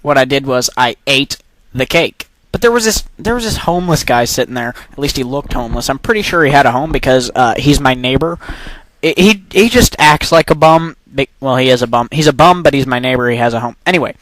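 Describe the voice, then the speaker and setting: A man's voice: medium pitch, animated, a little fast, fairly bright tone, no room sound, low-quality recording. A man rambling through an improvised, absurd comic monologue into a computer microphone, stopping and restarting with coughs along the way. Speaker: amateur narrator.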